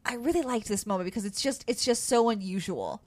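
A woman's voice: a little high, animated, brisk, darkish tone. Thoughtful woman analyzing a film. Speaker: podcast co-host. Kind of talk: casual movie discussion.

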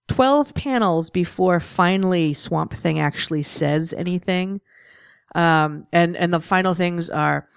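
A woman with a notably low voice co-hosting a relaxed comic book discussion. She is chatty and laughs often, and her voice sounds dry and close with no room echo. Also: slow, clear, resonant tone. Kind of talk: casual comic book review chat.

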